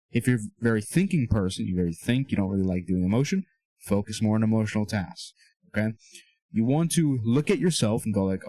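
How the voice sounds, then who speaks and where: A man's voice: on the low side, warm tone, no room sound. A young man giving a casual, earnest motivational talk on faith and self-improvement, often checking in with his listeners. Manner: earnest, coaching tone, keeps checking in with "okay?" and "all right?". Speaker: Christian self-improvement speaker. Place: small room with a whiteboard.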